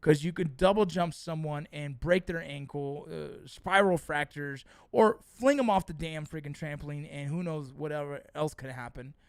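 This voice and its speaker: A middle-aged man hosts a casual livestream, reading comments aloud and trading animated stories. He curses freely and gets worked up. His slightly high voice sits close and dry on the mic. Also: normal speed, hardly any pauses, clear, resonant tone, dry recording. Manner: profane, animated storytelling. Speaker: livestream host reading chat.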